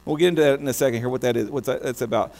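An American man preaching a sermon, animated, often restarting his words mid-phrase. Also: mid-range voice, rapid-fire, gravelly. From United States. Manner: animated, many restarts and stammers. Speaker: pastor. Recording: long hall reverb with mains hum.

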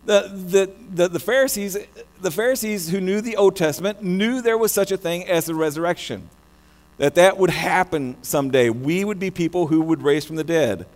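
An American man preaching a sermon, animated, often restarting his words mid-phrase. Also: high-pitched, moderate pace. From United States. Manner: animated, many restarts and stammers. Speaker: pastor. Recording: long hall reverb with mains hum.

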